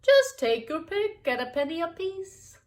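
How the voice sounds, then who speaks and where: A woman voicing a hearty shopkeeper woman in a storybook, with loud, booming sales patter. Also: very animated, measured pace, heavily acted. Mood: cheery.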